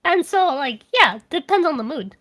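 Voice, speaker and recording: Woman guest, casual and profane, bright and animated delivery. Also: high voice, normal speed. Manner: swears freely, playful, slips into mock voices. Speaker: VTuber guest. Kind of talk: casual podcast chat.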